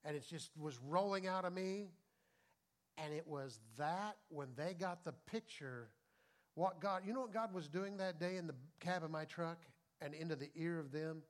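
A man preaching a sermon as pastor, folksy and conversational, dropping to soft confiding talk and rising to loud preaching. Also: fairly high pitch, normal speed.

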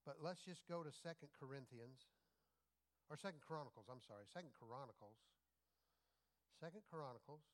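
A middle-aged male pastor preaching in a conversational way, firing rhetorical questions at the congregation and swinging between loud emphatic bursts and quiet asides. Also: medium pitch, normal speed, pauses often. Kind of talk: sermon.

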